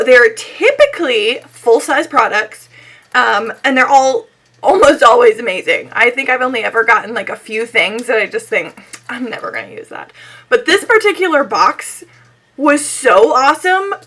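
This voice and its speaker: Hoarse young woman, high bright voice, chatty beauty vlogger with a scratchy throat, giggly asides. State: hoarse, losing her voice. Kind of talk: casual unboxing chat.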